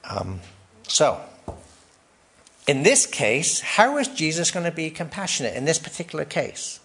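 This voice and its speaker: A man's voice: on the high side, big pitch swings, a little slow, fairly bright tone. A man preaching a sermon in a conversational way, asking the congregation questions, tagging "right?" onto his points and laughing lightly between phrases.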